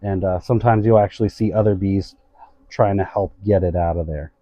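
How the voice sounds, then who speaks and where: Warm-voiced beekeeper explaining patiently. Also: male voice, deep voice, brisk, no room sound, muffled recording. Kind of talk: explaining while inspecting a hive. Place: outdoors at a beehive.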